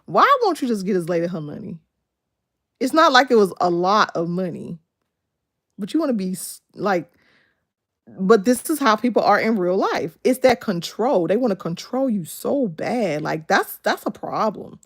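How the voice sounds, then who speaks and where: A woman's voice: mid-range voice, big pitch swings, moderate pace. A woman, hosting a casual livestream chat, laughing often and talking back animatedly to her viewers. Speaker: livestream host. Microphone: phone.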